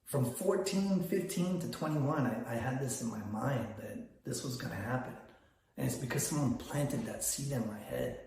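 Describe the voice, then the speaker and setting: A man's voice: medium pitch, moderate pace, darkish tone, slight background noise. Rambling older man in an echoey room. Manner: rambling, storytelling with many restarts. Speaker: photography business vlogger. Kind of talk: casual vlog monologue.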